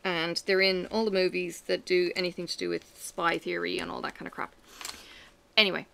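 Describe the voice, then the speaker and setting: A woman chatting casually to camera in a lively, self-mocking way. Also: fairly low pitch, a little fast, gravelly, a little hiss or hum. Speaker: vlogger.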